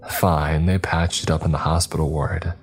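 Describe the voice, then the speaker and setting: A man's voice: a bass voice, level tone, moderate pace, breathy edge, soft background music. A man voicing a terse, guarded young woman locked in a cell, in a horror story reading. She talks firmly and plainly. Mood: wary. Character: blunt, wary young woman prisoner.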